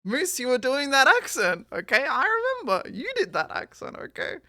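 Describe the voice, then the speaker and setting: A woman's voice: high-pitched, sing-song, normal speed, pushed and bright, no echo, clean studio sound. A woman streamer in live stream banter, sarcastic, swearing and laughing often.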